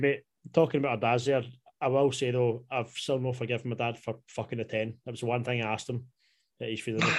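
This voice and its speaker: A young Scottish man co-hosting a casual podcast, laid-back and bantering, calling his co-host "mate". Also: medium pitch. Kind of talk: casual chat. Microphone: podcast microphone.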